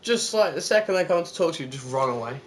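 A man's voice: on the high side, quick pace. A man giving casual, sweary, exasperated commentary while playing a football video game. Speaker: gaming YouTuber. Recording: steady background noise.

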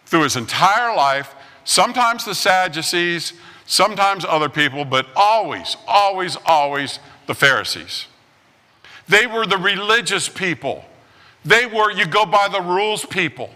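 Man, pastor preaching, lively up-and-down delivery, bright ringing tone, long church reverb. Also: high voice, measured pace. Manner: animated storytelling with acted-out quotes. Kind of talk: sermon. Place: church sanctuary.

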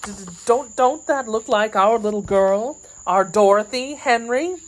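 A woman voicing an elderly farm wife who speaks slowly and stammers in a hoarse, frightened tone. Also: medium pitch, sing-song. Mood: bewildered. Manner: slow, stammering.

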